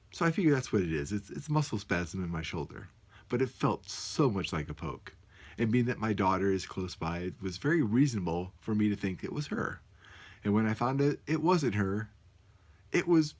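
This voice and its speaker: A man's voice: lowish voice, husky. A man talking casually to the camera from his computer at home at night, amused and musing aloud. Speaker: vlogger.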